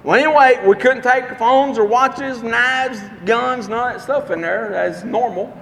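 A man preaching a sermon, telling a personal story in a folksy, earnest way with dramatic pauses. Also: very high voice, vocal fry, a bit bright. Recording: long reverb, faint background noise.

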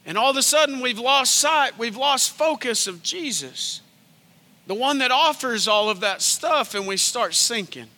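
High, bright-voiced male preacher. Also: a little slow, long reverb tail. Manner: energetic, conversational preaching with sudden hushed drops. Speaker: pastor. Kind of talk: sermon.

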